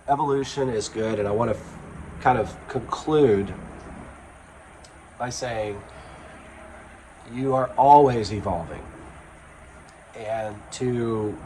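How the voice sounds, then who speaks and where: Earnest man musing slowly, faint traffic behind. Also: mid-range voice. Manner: slow, earnest, pausing with ums. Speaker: spiritual self-help speaker. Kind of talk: reflective monologue to camera.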